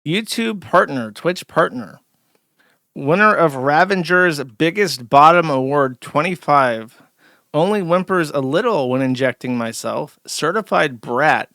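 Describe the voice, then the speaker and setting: A man's voice: fairly high pitch, animated, measured pace, pushed and bright, dry recording, clean studio sound. A man hosting a live stream, talking in a sardonic, rambling way full of restarts. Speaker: streamer host. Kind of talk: casual live-stream commentary.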